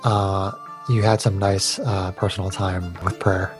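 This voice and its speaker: A man's voice: low voice, little pitch movement, a little slow, soft background music. A man acting as game master of a tabletop game, easygoing and matter-of-fact. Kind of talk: casual tabletop game narration.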